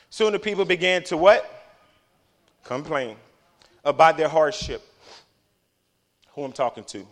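A man preaching a sermon, swinging from hushed remarks to shouting and tossing in joking asides. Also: on the high side.

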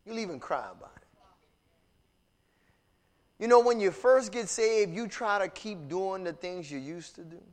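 A man preaching a fiery sermon. His voice sits high and swoops through a wide range. He builds to loud cries, then drops to low, quiet lines. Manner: animated preaching, rising to shouts and dropping low. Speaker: pastor.

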